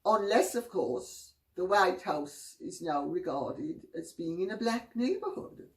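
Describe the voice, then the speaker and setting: Woman host, wry gossipy storyteller, unhurried, echoey room, mic at a distance. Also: fairly low pitch, big pitch swings. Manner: gossipy, wry, drawn-out phrasing. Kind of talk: casual storytelling commentary.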